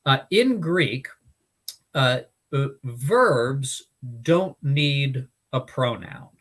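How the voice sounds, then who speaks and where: A man talks through scripture in a relaxed teaching chat. He is earnest and explanatory, and he often restarts his sentences and uses fillers as he thinks aloud. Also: medium pitch, extremely slow. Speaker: Bible study podcast host.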